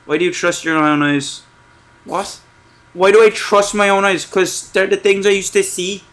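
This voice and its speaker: Young guy streaming a horror game, sarcastic and jokey, kinda high voice. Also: fairly even intonation, a bit bright. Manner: joking, sarcastic, reads questions aloud slowly. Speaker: gaming streamer. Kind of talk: casual horror game commentary.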